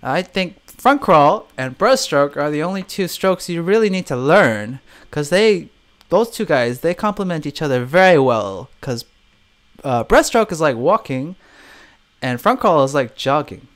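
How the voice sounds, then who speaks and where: A man's voice: a little high, unhurried. A young man from Chicago hosting a casual live stream, talking emphatically and asking rhetorical questions as he reads out viewer comments. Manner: lively, emphatic, rhetorical questions, reads chat names aloud. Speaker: live-stream host, guitarist. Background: soft guitar playing.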